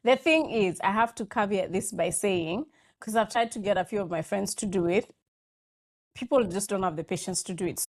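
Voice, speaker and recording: A woman's voice: medium pitch, normal speed. Chatty woman telling stories. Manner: chatty anecdotal storytelling, acting out quoted lines. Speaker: guest. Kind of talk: casual chat.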